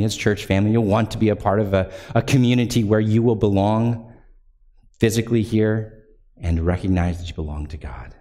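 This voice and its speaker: A male pastor with a warm tone preaches sincerely. He rises to fervent emphasis as he reads from scripture and lets his phrases slow and sink low at their ends.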